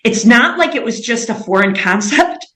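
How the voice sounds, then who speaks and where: A woman's voice: fairly high pitch, animated, normal speed, bright, forceful tone, echoey room, poor audio. A woman in her forties from the United States, a missionary guest speaking earnestly in an interview, often filling gaps with "like" and "um". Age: 40s. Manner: earnest, many fillers like "like" and "um". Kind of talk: interview conversation.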